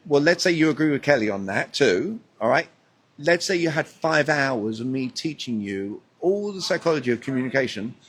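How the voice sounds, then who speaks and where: A man's voice: mid-range voice, expressive, normal speed, slightly rough. A man with a British accent, a guest coach in an interview, speaking emphatically and posing rhetorical questions. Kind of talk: conversational interview on a live stream.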